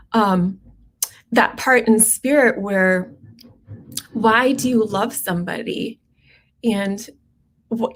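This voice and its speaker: A middle-aged woman physician hosting a livestream, talking in a gentle, unhurried and reflective way with many pauses. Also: mid-range voice.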